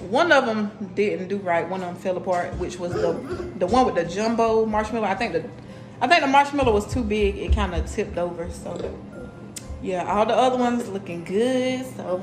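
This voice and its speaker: A young woman, chatting casually to viewers as a cooking vlogger. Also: mid-range voice. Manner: chatty, addresses viewers as y'all. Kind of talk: casual vlog chat.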